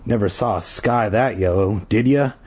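A man voicing a lanky park guard in a read-aloud story, speaking in a calm, slow, dismissive drawl. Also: lowish voice, slightly rough. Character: lanky, unhelpful, gum-chewing male park guard.

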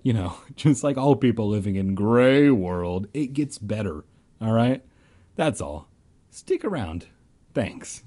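A man's voice: lowish voice, lively intonation, slow, mellow. A man casually reading a children's horror book aloud and breaking off for rambling, joking asides. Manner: rambling, joking, self-deprecating. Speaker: reader and host.

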